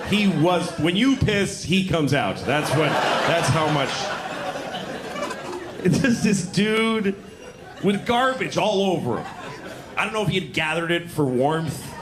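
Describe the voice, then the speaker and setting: A middle-aged stand-up comedian tells a story with wry self-mockery. His voice is lively and swoops up and down, sitting a bit high for a man. The live room is noisy. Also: slow, crowd noise. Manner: wry, self-deprecating, animated.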